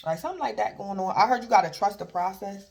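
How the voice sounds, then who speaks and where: A woman's voice: mid-range voice, animated, fast, creaky. A woman giving a casual tarot reading, rambling and repeating herself, filling gaps with "like" and little chuckles. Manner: rambling and repetitive, filler "like", chuckles; acts out imagined callers in brief quoted voices. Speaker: tarot reader.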